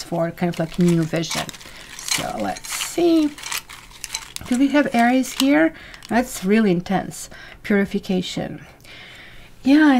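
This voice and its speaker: A woman's voice: medium pitch, vocal fry, darkish tone. Chatty woman tarot reader. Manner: chatty and rambling, thanks viewers by name. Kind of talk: live weekly tarot reading.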